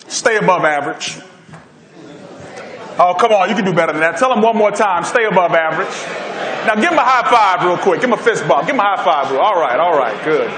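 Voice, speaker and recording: A man's voice: high voice, echoey room, a little hiss or hum. A man giving a motivational keynote speech at a conference, telling a story and getting the audience involved. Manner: energetic, storytelling, crowd-engaging. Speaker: keynote speaker. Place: conference hall.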